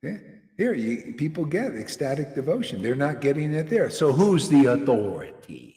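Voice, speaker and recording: A man's voice: a little high, big pitch swings, normal speed, dark tone. A man giving an informal, confrontational devotional sermon, rambling and often asking "see?" to his listeners. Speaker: preacher. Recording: echoey hall with long reverb.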